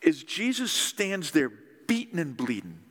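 A man preaching a sermon in a lively, conversational storytelling way. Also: a little high, a little slow, in a large hall. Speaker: pastor.

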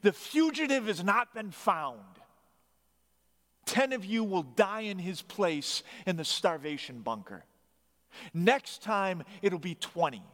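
A preacher shouting as a brutal camp commandant. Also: male voice, high voice, big pitch swings, unhurried, hardly any pauses, pitched above the performer's own voice. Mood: furious, barking. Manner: barking, screaming orders. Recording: long hall reverb.

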